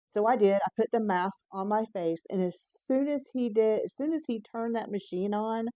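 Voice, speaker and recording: A woman vlogger telling a personal story in a candid, casual way, pausing on fillers and correcting herself as she goes. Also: medium pitch, dark tone, no room sound. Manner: chatty, candid, with frequent "um" and self-corrections.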